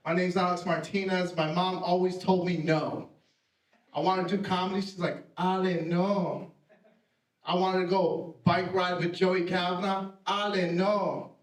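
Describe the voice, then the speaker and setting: Performing a live stand-up set on a theater stage before an audience, a high-voiced comedian from a Puerto Rican family is brash and profane, making himself the butt of his punchlines. He keeps a level tone at normal speed. The mic is somewhat distant, so he sounds a bit far off as his voice rings through the roomy hall.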